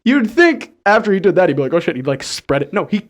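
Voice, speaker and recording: A man co-hosting a podcast, telling a story in a casual, animated way, swearing and laughing often. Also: sits high, fast. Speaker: podcast co-host. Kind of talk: casual chat.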